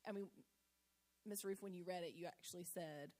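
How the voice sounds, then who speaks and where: A woman's voice: on the low side, fairly even intonation, fairly quick, darkish tone. A woman on a school board, asking questions during a meeting with a light joking touch. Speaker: board member.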